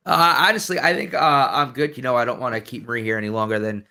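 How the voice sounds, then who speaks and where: A man's voice: medium pitch, steady tone, quick pace, bright, forceful tone. A man co-hosting a podcast, chatting in an easygoing, considerate way. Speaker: podcast co-host. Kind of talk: casual podcast chat.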